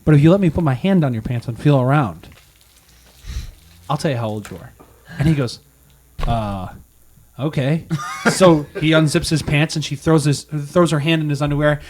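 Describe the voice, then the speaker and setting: A man's voice: fairly high pitch, normal speed, pauses often, slight background noise. A man on a casual podcast, telling a long joke and acting out the characters' lines. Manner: animated storyteller acting out characters.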